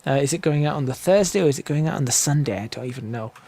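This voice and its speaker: Narrating a driving game for his gaming channel, a young man talks rapid-fire in a medium-pitched, warm voice with vocal fry. He rambles and frequently corrects himself over the game audio, with slight background noise.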